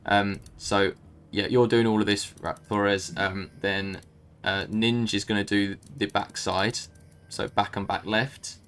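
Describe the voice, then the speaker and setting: Calm, low-voiced raid leader. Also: male voice, a little slow, clean tone. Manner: calm, organizing, polite with fillers. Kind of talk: casual voice chat.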